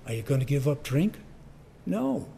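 A man's voice: medium pitch, animated, measured pace, warm tone, slight background noise. An older man preaching a sermon, telling a personal story in a conversational way. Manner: storytelling, conversational, acts out voices. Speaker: pastor.

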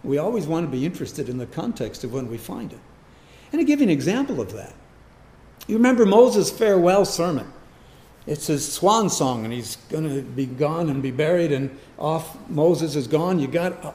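In an echoey room, a male pastor delivers his Sunday morning sermon at a moderate pace, his voice on the high side, dark in tone and lively in intonation. He throws rhetorical questions at the congregation and hammers key words through repetition.

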